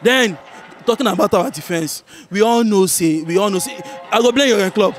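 A man with a Nigerian accent giving a heated football reaction, animated and argumentative, who keeps checking that his listener understands him. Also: sits high, moderate pace, soft background music. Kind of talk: heated casual football debate. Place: viewing center.

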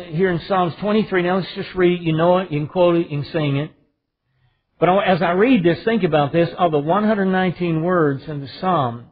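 A man with a Southern US accent, a pastor preaching a sermon with emphatic stresses on key words. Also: fairly high pitch. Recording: phone-like narrow band.

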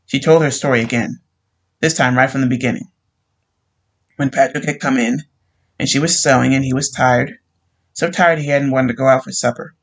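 A man's voice: mid-range voice, fairly even intonation, normal speed, creaky, long pauses, low-quality recording. Man reading a short story aloud. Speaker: narrator.

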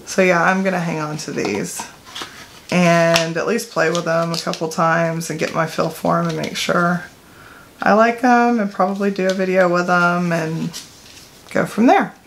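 A woman's voice: on the low side, normal speed, a little hiss or hum. A middle-aged woman, chatting casually to camera about her makeup collection, rambling with fillers and self-corrections. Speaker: beauty vlogger. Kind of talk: casual product talk to camera.

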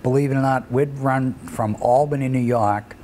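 An older man, speaking at an everyday middle pitch and rambling through road stories from his wrestling days. He loses his thread and fills the gaps with "uh" and little chuckles. A faint hum of room ambience sits under his voice. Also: fairly even intonation, normal speed, warm tone. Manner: rambling anecdotes with fillers and chuckles. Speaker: retired wrestler, interview guest. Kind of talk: shoot interview storytelling.

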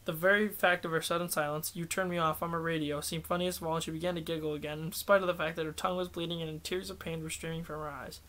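A man reads a novel aloud in a steady, unhurried way, correcting himself now and then. His voice is a little higher than most men's. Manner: steady, self-correcting reading. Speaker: audiobook reader. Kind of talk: novel reading.

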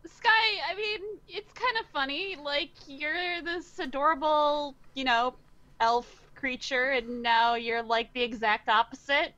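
A woman's voice: sits high, a little slow, bright, forceful tone, lo-fi sound. A woman playing in a tabletop game, chatting playfully with the group. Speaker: player. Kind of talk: casual tabletop play.

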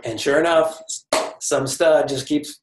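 A man's voice: a little high, fairly even intonation, unhurried, reverberant, noisy background. A man giving a motivational talk to a team, telling a personal story in an earnest way, restarting phrases and speaking straight to the audience. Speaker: corporate speaker.

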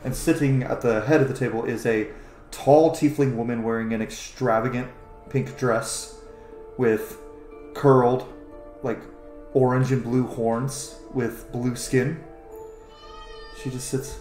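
Man, game master, casual narration, mid pitch, echoey room. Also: fairly even intonation, a little slow, long pauses, darkish tone, soft background music. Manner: casual, loose, with fillers and laughs. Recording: roomy echo.

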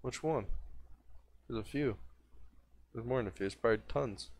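A man's voice: mid-range voice, moderate pace, a little mellow, a little hiss or hum. A young man in his twenties chatting casually on a livestream, rambling and profane, with lots of restarts. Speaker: streamer.

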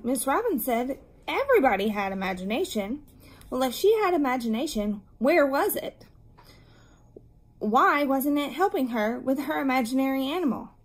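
A woman reading a children's book aloud, her voice slightly high and breathy. She narrates with lively expression, leaning into the story for young listeners. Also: low-quality recording.

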